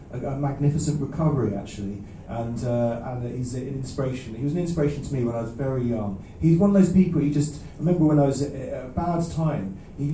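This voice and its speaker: A man, a singer-songwriter chatting between songs at a live gig in a halting, self-deprecating way, with many restarts. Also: mid-range voice, dark tone, slight background noise. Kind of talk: rambling between-song stage banter. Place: small live music venue. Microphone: stage vocal mic. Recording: roomy, distant audience recording.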